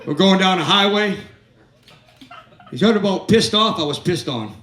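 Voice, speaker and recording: A high-pitched man in his fifties tells crude, wandering stories on a comedy club stage and jokes with the audience. His voice comes from a distance and rings around an echoey room. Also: expressive, moderate pace, fairly bright tone. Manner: crude, rambling storytelling with crowd work. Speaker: stand-up comedian. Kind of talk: stand-up set.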